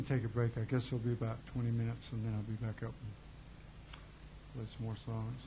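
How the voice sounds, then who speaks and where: A male singer-songwriter making casual, soft-spoken, low-key banter on stage between songs, rambling through a joke. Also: steady tone, moderate pace, heavy background noise. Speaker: singer-songwriter performing live. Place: live music venue. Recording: dull lo-fi live bootleg with guitar.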